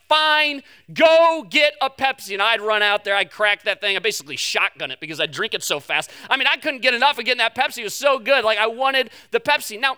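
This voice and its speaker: A man's voice: very high-pitched, bright, forceful tone. A man in his thirties preaching a sermon, conversational and emphatic, weaving family stories into a Bible passage. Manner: conversational, storytelling, emphatic on key points. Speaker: pastor.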